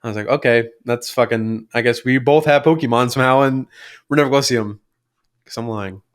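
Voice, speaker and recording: A man's voice: mid-range voice, a little fast, clean tone. Rambling, swearing young man telling stories. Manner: rambling storytelling, heavy filler and swearing. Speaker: podcast co-host. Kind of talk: casual chat.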